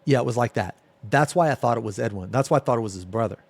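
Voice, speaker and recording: A man's voice: medium pitch, fast talker, gravelly, no room sound. Casual, profane storytelling man, dry sound. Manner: rambling, profane, drops to near-whisper then gets loud. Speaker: live streamer.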